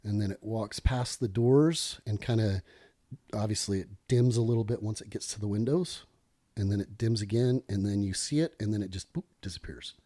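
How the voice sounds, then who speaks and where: Speaking at a moderate pace in a fairly low voice, this middle-aged man, once a police lieutenant, shares a story on a podcast. He's lively and keeps cutting into his own sentences.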